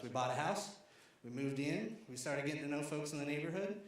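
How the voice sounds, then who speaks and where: A man's voice: fairly high pitch, animated, fairly quick. A man from Arkansas tells stories in a loose, conversational way, full of fillers and restarts. His voice bounces around a very reverberant lecture hall. A faint background hum runs underneath. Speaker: speaker at a lecture series. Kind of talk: storytelling talk. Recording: very echoey hall.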